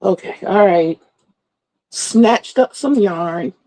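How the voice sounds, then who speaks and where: Middle-aged lady rambling on her livestream, chatty, mid-pitched voice. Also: slow, warm tone, poor audio. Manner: rambling, chatty storytelling, greets viewers by name. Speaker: livestream host. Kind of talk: casual livestream chat.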